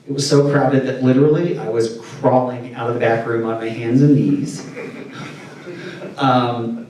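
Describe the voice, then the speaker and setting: A man's voice: medium pitch, a little slow, dull audio. A man from Indiana telling candid stories in a casual interview, acting out quotes as he goes. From Indiana, USA. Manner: candid, animated storytelling with acted-out quotes. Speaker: interview guest. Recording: distant mic in echoey room.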